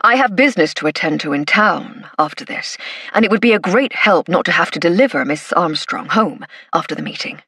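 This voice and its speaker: A woman's voice: lowish voice, animated, brisk, fairly bright tone, husky, no room sound, studio quality, voice pushed down, full character voice. A woman voicing a reserved, courteous male police inspector with a formal, polite manner.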